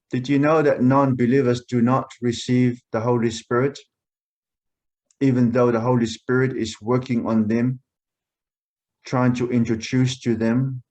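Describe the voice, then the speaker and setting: A man preaching a sermon as pastor of a church, deliberate and emphatic, repeating key phrases to drive them home. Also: mid-range voice, darkish tone.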